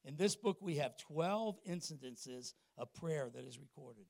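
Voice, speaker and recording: A middle-aged male pastor preaching a sermon in church, moving between emphatic, loud points and quiet, confiding asides while asking the congregation questions. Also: fairly high pitch, expressive, unhurried, vocal fry, no room sound, clean studio sound. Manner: asks the congregation questions and acts out little exchanges.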